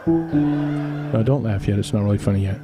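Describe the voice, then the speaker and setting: Loud music plays beneath a middle-aged man's voice, which sits on the low side at a moderate pace. Hosting a live stream, he tells chat meandering family stories with chuckles and teasing asides while chatting casually.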